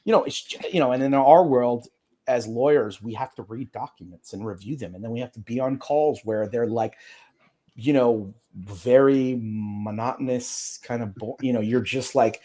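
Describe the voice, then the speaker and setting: Man, attorney guest, casual interview talk, rambling, frequent fillers and restarts, medium pitch. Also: normal speed, mellow.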